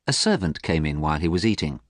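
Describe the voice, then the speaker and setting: A man reading a story aloud for English learners in a clear, measured, expressive way, recorded close and dry. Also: a bass voice, no echo. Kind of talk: scripted narration.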